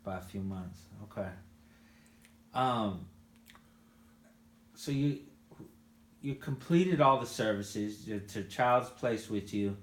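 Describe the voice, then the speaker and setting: A man interviewing a father he worked with, asking gentle leading questions with frequent restarts. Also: lowish voice, slow pace, pauses often, echoey room. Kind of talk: casual interview.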